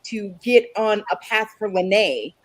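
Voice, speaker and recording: A woman reflecting in a measured way in a casual conversation. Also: mid-range voice, animated, no echo, rough recording. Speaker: guest. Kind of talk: casual chat.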